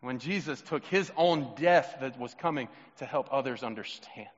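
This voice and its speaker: A man preaching a sermon as pastor in a church, swinging from loud, emphatic questions to soft, hushed reflection and acting out the voices of the people he quotes. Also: medium pitch, moderate pace. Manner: acts out quoted voices of Jesus, children and himself. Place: church sanctuary. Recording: muffled sound with long hall reverb.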